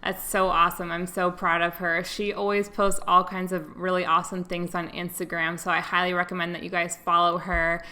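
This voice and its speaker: A woman's voice: fairly low pitch, little pitch movement, brisk, hardly any pauses, bright, forceful tone. A young adult woman giving a casual, earnest and emotional to-camera update as a vlogger.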